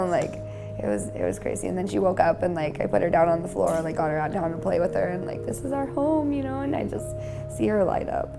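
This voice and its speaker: A woman's voice: fairly low pitch, gravelly. A young mother sharing her story in a chatty testimonial, laughing a lot and tearful at times. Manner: chatty, lots of fillers and laughs. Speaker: new resident, mother. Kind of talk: testimonial interview.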